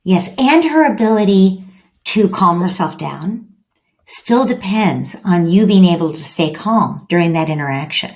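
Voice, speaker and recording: Female expert guest, lowish voice, steady and explanatory, interview setting. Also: a little slow. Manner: calm, explanatory, acts out quoted dialogue. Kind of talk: podcast interview.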